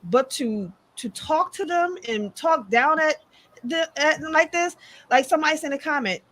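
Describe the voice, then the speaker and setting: Woman podcast co-host, high and bright, emphatic, chatty with "like" fillers. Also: lively intonation, normal speed, rough recording. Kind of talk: casual chat.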